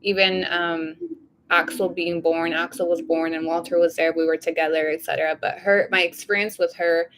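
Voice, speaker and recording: A woman's voice: on the low side, level tone, moderate pace, a bit bright, a little hiss or hum. Tired, chatty woman vlogger. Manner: rambling, chatty, lots of "like" fillers; openly emotional, confiding. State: tired, low energy. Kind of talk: casual diary vlog.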